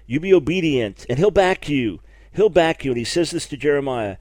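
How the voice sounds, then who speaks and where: A man's voice: on the high side, animated, normal speed, a little mellow, no echo. A middle-aged man preaching a broadcast sermon, emphatic and fervent, repeating words for stress as he exhorts his listeners. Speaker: preacher and radio Bible teacher.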